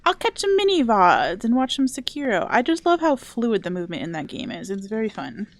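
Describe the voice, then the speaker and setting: Chatty woman streamer, lively pitch. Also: brisk. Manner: chatty and playful, reads and answers chat. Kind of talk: casual live-stream chat while gaming.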